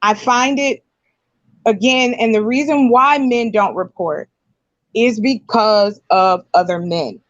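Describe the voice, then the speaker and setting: A woman with a fairly high voice talks frankly and with animation in a live online panel. Her audio is muffled and very dry, the way a home call mic sounds. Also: slow pace, dry recording. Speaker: panel guest.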